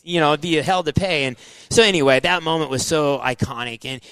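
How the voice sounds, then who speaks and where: Man, 40s, ex-racer guest, casual storyteller, lively delivery, dry close mic. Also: a little high, brisk, clear, resonant tone, dry recording. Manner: animated, says "dude" and "like" a lot, acts out his own past thoughts. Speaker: guest, former motocross racer.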